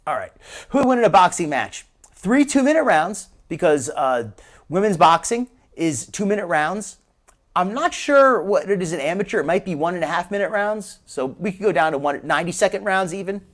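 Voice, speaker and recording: A man's voice: high voice, sing-song, moderate pace. A man hosting a live stream, chatting casually and rambling with frequent restarts and chuckles.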